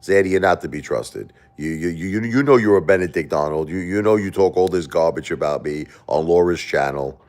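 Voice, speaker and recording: A low-voiced man hosting a livestream and talking straight to his chat. He sounds defensive and argumentative, and he circles back over the same points again and again. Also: brisk, hardly any pauses, a little mellow. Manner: defensive, argumentative, repeats himself. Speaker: livestream host.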